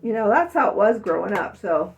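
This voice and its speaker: A woman's voice: medium pitch, lively intonation, brisk, creaky, far from the mic, rough recording. A middle-aged woman talking through a rambling, emotional personal monologue, sometimes mimicking her family's words. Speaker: vlogger.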